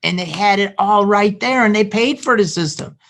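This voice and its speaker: Guy from the chicago suburbs, pretty high voice, rambles and restarts as he tells a story on a podcast. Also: normal speed, vocal fry, a bit bright. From Chicago suburbs, USA. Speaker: podcast co-host. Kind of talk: casual podcast conversation.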